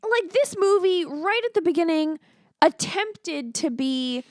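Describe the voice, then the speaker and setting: A woman's voice: extremely high pitch, expressive, a little slow, dry recording, studio quality. A woman co-hosting a casual movie-riffing chat, amused as she retells scenes. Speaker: podcast co-host.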